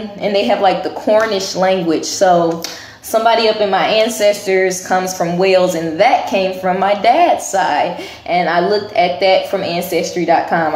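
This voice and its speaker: A woman talks casually to her camera, chatting and thinking aloud as she goes. Her voice sits at an ordinary middle pitch. The room around her is bare and echoey. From United States. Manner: chatty, thinking aloud while reading results. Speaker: vlogger.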